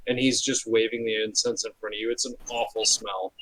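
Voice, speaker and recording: A man narrating as game master of a tabletop game, relaxed and often pausing with fillers. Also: lowish voice, low-quality recording. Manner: relaxed, hesitant with fillers, slips into quick character voices.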